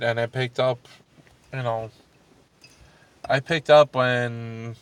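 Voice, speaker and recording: A middle-aged man casually telling a true ghost story about his teenage years, acting out the other people's lines and laughing at his own story. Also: medium pitch.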